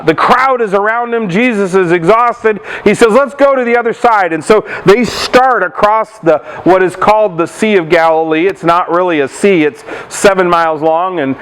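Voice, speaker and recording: High-voiced preaching man. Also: moderate pace, few pauses, a bit bright, clean tone, low-quality recording. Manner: questions the congregation and retells Bible stories. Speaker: pastor. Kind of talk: sermon.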